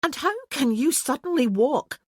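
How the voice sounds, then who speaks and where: Woman doing a stubborn highland lass, high urgent voice, snappy, dry close read. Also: lively intonation, normal speed, a little mellow, no echo. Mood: indignant. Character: fiery young Highland woman, stubborn and sharp-tongued. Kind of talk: audiobook character voicing.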